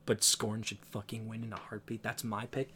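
A man co-hosting a casual podcast, ranting in an animated way and swearing freely. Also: fairly low pitch, normal speed. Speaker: podcast co-host. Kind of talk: casual chat.

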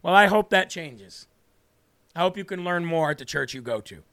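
A man hosting a livestream Bible teaching, reading scripture slowly and speaking earnestly with emphasis. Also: on the high side, animated, sharp tone. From northern United States. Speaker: host and preacher.

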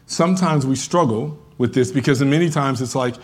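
A man preaching a sermon as a pastor, talking conversationally and acting out the voices of churchgoers, rising at times to emphatic shouts. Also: fairly high pitch, lively intonation, fairly quick, hardly any pauses.

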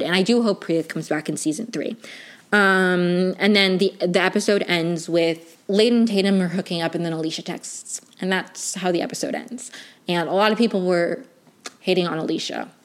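Young woman, slightly low voice, casual vlog reviewer, rambly and gushing, lots of filler words. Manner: rambling, many "like" fillers and restarts; gushing, emotionally invested. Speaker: TV review vlogger.

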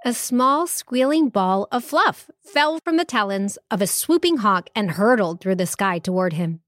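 Slow-paced woman reading a children's story. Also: mid-range voice, expressive. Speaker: children's podcast host and storyteller.

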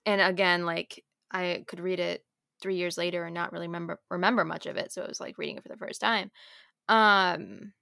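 A woman's voice: lowish voice, fairly even intonation, fairly quick, vocal fry, bright, forceful tone, dry recording, studio quality. An American woman co-hosting a podcast, chatting casually about books in a rambling, giggly way. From United States. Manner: rambling, self-interrupting, giggly. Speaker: podcast co-host. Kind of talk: casual book chat.

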